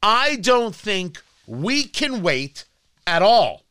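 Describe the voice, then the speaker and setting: Combative male talk radio host, sarcastic, bright and tense, close and dry. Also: high-pitched, big pitch swings, extremely slow, smooth, no room sound. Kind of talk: political talk radio monologue. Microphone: studio microphone.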